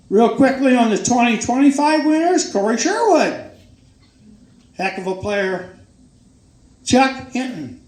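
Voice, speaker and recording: A man's voice: very high-pitched, a little mellow. An older man presenting awards at a banquet, folksy and joking, talking up each winner with emphatic praise. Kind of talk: casual speech at a banquet. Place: banquet hall. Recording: echoey hall with crowd and noise.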